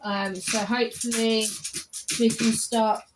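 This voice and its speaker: A woman's voice: fairly high pitch, flat delivery, takes it slowly, noisy background. A woman in her fifties, a salon client, chatting casually and telling rambling stories. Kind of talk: casual chat. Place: barbershop.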